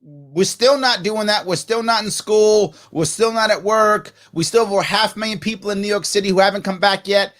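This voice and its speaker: A man's voice: high-pitched, brisk, a bit bright. A male podcast host giving mocking, sarcastic commentary on clips that he plays back.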